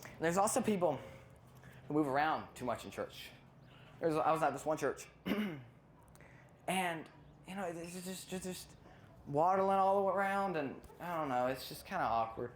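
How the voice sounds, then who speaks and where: A stand-up comedian works through a routine in a voice of middling pitch. The delivery wanders, trails off and doubles back on itself. A faint hiss of noise sits under the voice. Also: expressive, normal speed, long pauses. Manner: rambling, loses place and self-interrupts.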